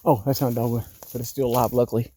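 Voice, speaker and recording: A man's voice: medium pitch, flat delivery, racing, warm tone, a little hiss or hum. Fiftyish man, exasperated outdoor vlog rant into a phone. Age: 50s. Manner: agitated, exasperated, repeats himself. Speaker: vlogger. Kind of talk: walking-tour vlog rant. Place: outdoors in a wooded yard.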